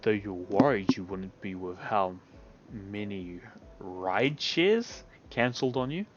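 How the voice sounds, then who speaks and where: A man's voice: on the low side, lively intonation, measured pace, highs cut off. A man streaming a visual novel, reading the narration aloud and cutting in with crude, sarcastic comments. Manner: crude, sarcastic, often laughing. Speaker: game streamer.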